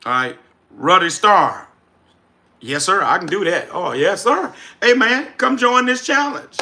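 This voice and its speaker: Southern louisiana guy doing a livestream, high bright voice, keeps repeating stuff hyped up. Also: a little slow. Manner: energetic, reads chat names aloud, preacherly repetition. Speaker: livestream host, business coach. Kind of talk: casual livestream chat.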